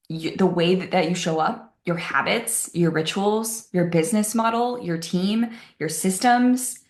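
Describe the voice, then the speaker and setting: Candid woman podcaster, roomy sound. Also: fairly low pitch. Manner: candid and confessional, with frequent "like" fillers. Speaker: podcast host. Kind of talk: casual solo podcast talk. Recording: roomy echo.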